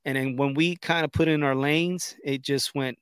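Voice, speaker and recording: A man with a somewhat high, clear, resonant voice co-hosts a podcast, chatting casually at a moderate pace. He's an animated storyteller who acts out quotes, captured at studio quality with no echo.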